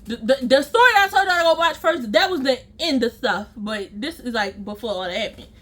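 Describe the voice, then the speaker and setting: A woman vlogger telling a personal story in an animated, emphatic and profane way, acting out scenes with sound effects. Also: high voice, a little fast.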